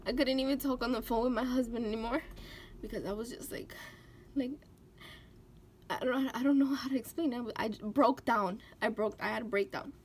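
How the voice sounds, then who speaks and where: A young woman with a high voice, talking to her camera while trying not to cry. Her words break and waver with tears. Faint background noise sits under her voice. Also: normal speed. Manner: tearful, breaking down while telling a story. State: crying. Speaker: vlogger. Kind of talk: emotional personal vlog.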